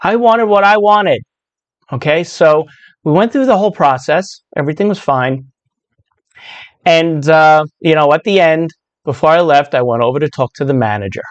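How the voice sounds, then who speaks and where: A woman in her sixties with a low voice register, telling a personal story in a loose, chatty way full of asides. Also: normal speed, no echo, dull audio. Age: 60s. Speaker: speaker sharing a personal story. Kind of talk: casual storytelling monologue.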